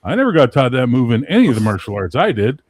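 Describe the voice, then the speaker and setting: A man swaps rowdy stories in a loose chat, swearing freely and acting out the voices of the people in them. His voice sits at an ordinary pitch. The sound is dry and close, with no room echo. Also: fast talker. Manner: profane, animated anecdotes with acted-out quotes. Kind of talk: casual chat, storytelling.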